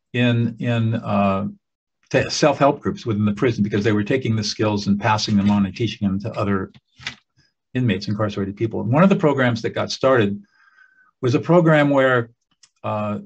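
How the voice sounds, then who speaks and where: Husky low-voiced man telling a story. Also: muffled recording. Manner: animated storyteller, acts out quoted voices. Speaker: teacher of emotional skills. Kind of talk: storytelling talk.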